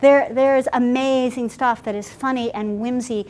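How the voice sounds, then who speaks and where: Animated, chatty woman pastor. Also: a little high, normal speed, a little hiss or hum. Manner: animated, chatty, laughing, full of restarts. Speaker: pastor giving a workshop. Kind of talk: storytelling workshop talk.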